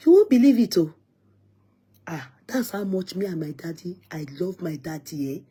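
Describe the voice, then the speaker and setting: A woman's voice: mid-range voice, moderate pace, warm tone, breathy edge. A young Nigerian woman with a Nigerian accent telling casual stories in a vlog, often laughing and mixing English with Yoruba. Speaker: vlogger. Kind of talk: casual storytelling.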